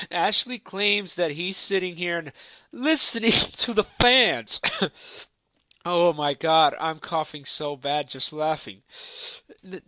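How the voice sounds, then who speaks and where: A man's voice: a little high, pushed and bright, no room sound. A man cutting a trash-talking wrestling promo in a cocky, taunting, profane manner.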